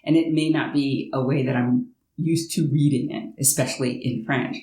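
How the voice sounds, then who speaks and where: A woman's voice: extremely low pitch, fairly even intonation, moderate pace, mellow, reverberant, low-quality recording. An American woman vlogging casually from her home in France, explaining things in a chatty way with playful asides. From United States. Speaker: language-learning vlogger. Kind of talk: casual talking-head vlog.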